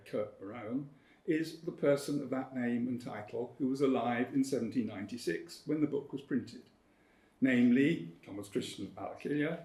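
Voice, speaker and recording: A man giving an academic lecture in a measured, precise way, with firm emphasis on key points. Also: mid-range voice, vocal fry, darkish tone. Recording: roomy lecture hall.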